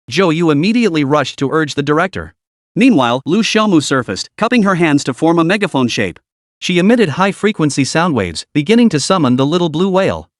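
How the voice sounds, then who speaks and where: Over a dry, close recording, a man narrates a story recap. His pitch sits a little high, and it moves around a great deal as he reads the scripted lines. The delivery has the steady pull of a storyteller keeping listeners hooked. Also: brisk, dry recording.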